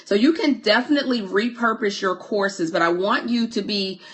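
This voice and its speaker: A woman's voice: medium pitch, moderate pace, fairly bright tone. A woman coaching on a live stream, chatty, stopping mid-sentence to greet and thank viewers, often repeating her words. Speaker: online course coach. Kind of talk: live-streamed teaching while reading viewer comments.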